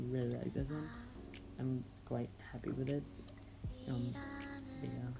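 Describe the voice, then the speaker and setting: A woman's voice: low voice, creaky, rough recording. A woman narrating her own drawing process in a casual, meandering way, often hesitating and correcting herself. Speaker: artist narrating a drawing video. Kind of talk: casual rambling voice-over.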